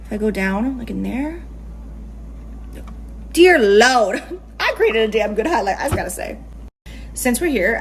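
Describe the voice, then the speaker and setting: A woman talks through her makeup in a gushing, giggly way, with plenty of swearing in the mix. Her voice sits at an ordinary middle pitch for a woman. There is a faint hiss behind her. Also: poor audio. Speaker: beauty influencer. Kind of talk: makeup tutorial chat.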